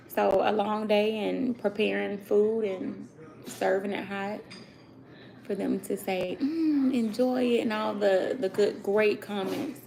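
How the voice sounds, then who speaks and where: A woman's voice: medium pitch, gravelly, warm tone, slight background noise, rough recording. A woman in her thirties vlogging casually from her kitchen, talking to viewers as y'all about cooking for her kids. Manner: chatty, addresses viewers as y'all. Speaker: vlogger mom. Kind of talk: casual vlog chat. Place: home kitchen with kids nearby. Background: children talking.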